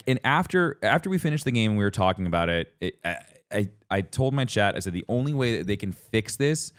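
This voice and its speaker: A man co-hosting a casual gaming podcast, talking in long rambling stretches with frequent restarts and bursts of excitement. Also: fairly low pitch. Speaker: podcast co-host.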